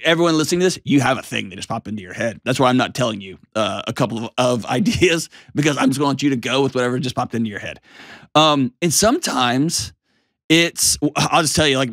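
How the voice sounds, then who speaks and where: A man's voice: mid-range voice, a bit bright, dry recording, studio quality. A middle-aged man hosting an advice show, talking casually and acting out quoted voices. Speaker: host.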